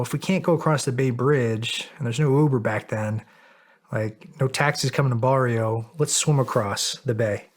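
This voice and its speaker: Man, middle-aged, podcast guest, casual profane storytelling, laughs at himself, average pitch.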